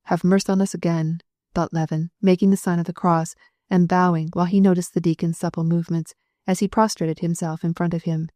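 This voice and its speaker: Woman audiobook narrator, measured reading, dark mellow voice. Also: lowish voice, flat delivery, no room sound, studio quality. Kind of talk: scripted novel narration.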